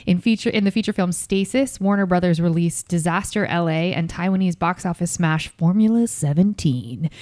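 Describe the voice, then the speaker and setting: A woman's voice: on the low side, a little mellow, no echo. A woman from Ohio hosting a podcast, reading a guest's bio in a playful, teasing way and apologizing for her slips. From Ohio, USA. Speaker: podcast host. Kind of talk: reading a guest bio, then casual chat.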